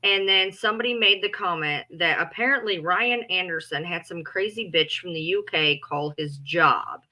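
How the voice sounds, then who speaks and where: A woman's voice: lowish voice, normal speed, bright, forceful tone, low-quality recording. A woman in casual chat, telling a story in an indignant, emphatic way and swearing often.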